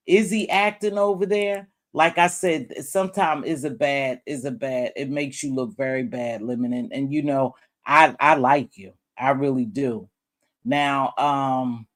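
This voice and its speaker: A woman giving casual, rambling live-stream commentary, talking straight to her chat and calling viewers sweet names. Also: low voice. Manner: rambling, talks straight to chat and other creators; calls viewers terms of endearment.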